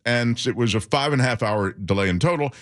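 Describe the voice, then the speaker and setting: A man's voice: medium pitch, fairly quick. A middle-aged man, a guest radio host, telling stories in casual chat and acting out the voices of the people he quotes. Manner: animated, acts out quoted voices.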